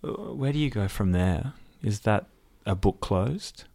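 Very deep, gravelly male interviewer. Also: animated, measured pace, darkish tone, no echo. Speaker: radio interviewer. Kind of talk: interview questions.

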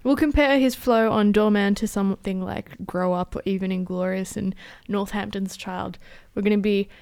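A woman, presenting a music show on radio with fast, enthusiastic talk. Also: medium pitch, steady tone, a little mellow, clear, resonant tone, no room sound.

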